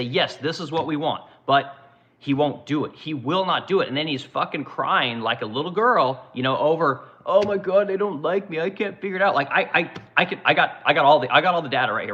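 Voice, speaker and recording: Forceful, profane man ranting on a stream. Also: fairly high pitch, dull audio. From Oregon, USA. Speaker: livestream host and business owner. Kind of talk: casual livestream commentary.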